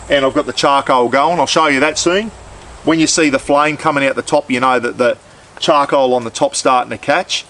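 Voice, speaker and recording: A man's voice: on the high side, fairly bright tone, slight background noise. Laid-back Australian man chatting outdoors. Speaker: cooking vlogger. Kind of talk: casual outdoor cooking chat. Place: backyard outdoors.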